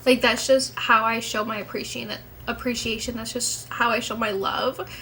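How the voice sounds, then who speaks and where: A woman's voice: on the high side, level tone, moderate pace, sharp tone, slight background noise, low-quality recording. A young woman chatting casually to her camera at home as a vlogger, rambling and candid, swearing now and then.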